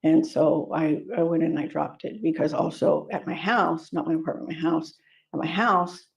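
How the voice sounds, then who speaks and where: A woman being interviewed, recounting a personal story in a measured, serious way, heard in a played clip. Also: low-pitched, fairly even intonation, gravelly. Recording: dull lo-fi audio clip.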